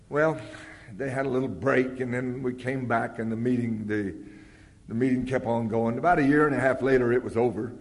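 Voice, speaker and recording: An older man tells a long, humorous story in a loose, rambling way. He keeps breaking into loud acted-out quotes. His voice rings through a hall with a long reverb. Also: mid-range voice, moderate pace. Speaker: speaker sharing his recovery story. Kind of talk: storytelling talk at a recovery meeting.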